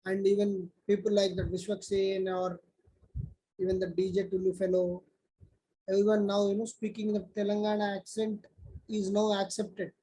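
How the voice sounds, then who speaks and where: A man's voice: high voice, monotone, moderate pace, dark tone, poor audio. A man teaching an online class, talking conversationally and calling on students by name.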